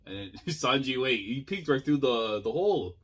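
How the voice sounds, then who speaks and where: Excitable man reacting to a chapter. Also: medium pitch, normal speed. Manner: excitable, slangy, laughs often, thinks aloud. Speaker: manga reaction YouTuber. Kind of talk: casual reaction commentary.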